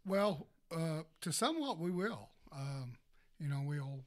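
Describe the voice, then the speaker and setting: A man's voice: on the high side, lively intonation, a little slow. A man in a casual radio interview as a city parks and recreation director, answering steadily with many hesitations.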